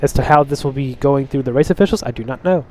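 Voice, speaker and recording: A man doing play-by-play commentary for a league race, dry between heats and excitable once racing starts. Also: medium pitch, fast, slight background noise. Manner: excitable, rises sharply when the race starts; dry and sarcastic between races.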